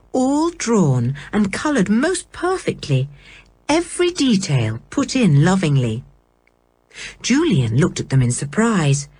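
A woman narrating a children's novel aloud in an expressive storytelling manner. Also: on the low side, slightly rough.

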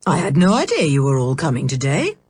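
A woman reading a storybook, voicing an absent-minded, irritable middle-aged male scientist who is vague and quick to anger. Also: on the high side, wildly swooping pitch, breathy edge, no echo, pitched below the performer's own voice, exaggerated voice. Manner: vague, then sharply cross.

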